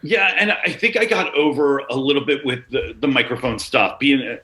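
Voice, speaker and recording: A man's voice: mid-range voice, normal speed, low-quality recording. A man in his forties, a former wrestler guest, telling rambling, profane stories from his career in casual chat. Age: 40s. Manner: animated, profane, rambling anecdotes. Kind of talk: casual storytelling.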